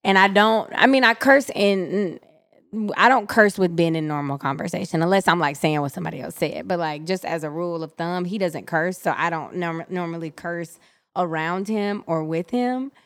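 A young woman co-hosting a casual podcast chat, open and animated as she tells her own stories. Her voice sits a little low and comes out smooth and clean. The sound is close and dry. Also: normal speed, no echo. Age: young adult. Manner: candid, animated, laughs often. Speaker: podcast co-host.

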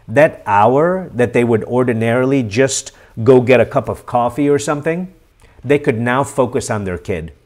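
A middle-aged man hosts a live-stream question session. He talks in an earnest, animated way at a middle pitch, coaching his listeners with encouragement. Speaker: host.

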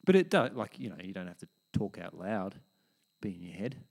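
A man's voice: sits low, big pitch swings, brisk, gravelly, darkish tone. An Australian man co-hosting a casual chat, easygoing and reassuring. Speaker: podcast co-host.

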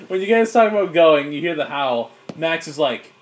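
Higher voiced guy running a tabletop game, super casual. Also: animated, normal speed. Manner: casual, laughing, slangy narration. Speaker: game master.

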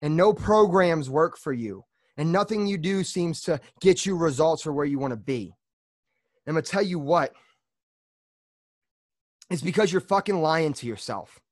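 A man delivers a blunt, fired-up motivational monologue on his own podcast, swearing freely as he pushes his listeners. His voice sits a little high for a man, and he sounds slightly out of breath from a workout. The sound is dry and close, with no room echo. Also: lively intonation, normal speed, pauses often. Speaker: podcast host.

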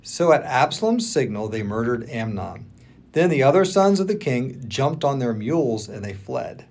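A man co-hosting a podcast, reading scripture aloud in even narration and voicing the speakers lightly. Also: mid-range voice, normal speed. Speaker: podcast co-host.

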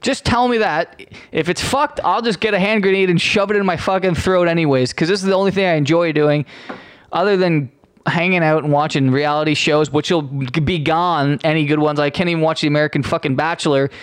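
A young man from Canada rambles through a profane, sarcastic rant, often stopping and restarting. His voice runs high for a man. The recording is dry and close. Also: fairly even intonation, fairly quick, smooth, no echo. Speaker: podcast host. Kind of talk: casual ranting monologue.

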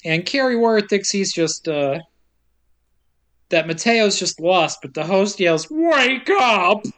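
A man co-hosting a podcast, recapping a movie in a joking casual way and laughing often. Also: high voice. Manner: joking, laughs often, mimics characters in quick asides.

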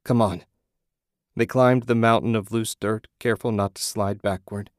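A man giving steady, measured scripted narration of an audiobook. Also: on the low side, no echo, studio quality.

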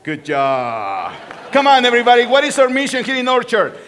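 High-voiced pastor with a Spanish accent. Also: male voice, normal speed, a faint crowd. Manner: animated, joking with the congregation. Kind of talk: sermon.

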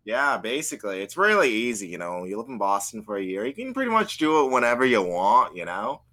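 A man's voice: lowish voice, very animated, fairly quick, bright, forceful tone. A man chatting casually on a livestream, rambling through work stories with many restarts. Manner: rambling, self-correcting storyteller. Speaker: co-host.

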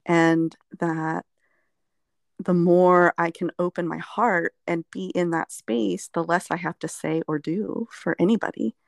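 Woman, therapist, reflective storytelling, rambling with fillers, low gravelly voice. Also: steady tone, measured pace, dry recording, studio quality. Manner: reflective, emotional, meandering with fillers. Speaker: therapist guest. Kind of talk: personal storytelling in conversation.

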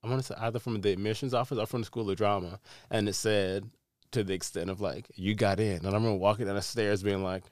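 A young man co-hosting a casual chat show, telling an animated story and acting out the people in it. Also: lowish voice, fast talker, no room sound, studio quality. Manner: animated storyteller, acts out quotes, laughs often. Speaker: podcast co-host.

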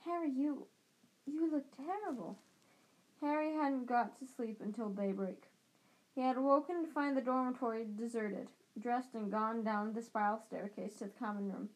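A woman's voice: a little high, moderate pace, poor audio. Woman reading a novel aloud. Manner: occasional slips and restarts. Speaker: audiobook reader.

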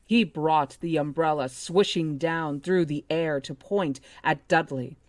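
A woman co-hosting a book club podcast, reading a novel aloud with steady narration and chatting with curious questions. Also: sits low, a little slow, dry recording. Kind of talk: reading a novel aloud, then casual chat.

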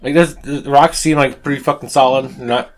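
A man's voice: medium pitch, steady tone, fairly quick, slight background noise. A man playing in a tabletop game, chatting casually and swearing as he works out his moves. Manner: casual, profane, thinking aloud. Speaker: player.

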